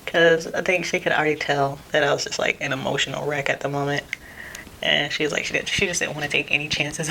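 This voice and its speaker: A woman's voice: low-pitched, creaky. A young woman chatting while doing her makeup at home, rambling with lots of "like" and frequent laughs. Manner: rambling, says "like" constantly, laughs often; acts out her mom's voice in quotes. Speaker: vlogger. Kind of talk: chatty get-ready-with-me vlog. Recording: noisy home recording.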